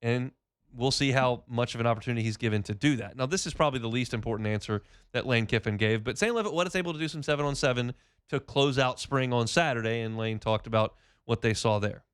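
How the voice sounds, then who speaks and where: A man's voice: mid-range voice, fast talker, fairly bright tone, smooth, no echo, studio quality. A man hosting a sports radio show, talking casually with wry, self-mocking asides.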